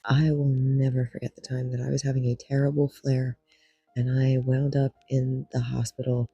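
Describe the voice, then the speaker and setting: A young woman telling personal stories in a soft-spoken, wry ASMR storytelling style. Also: a bass voice, breathy edge, rough recording.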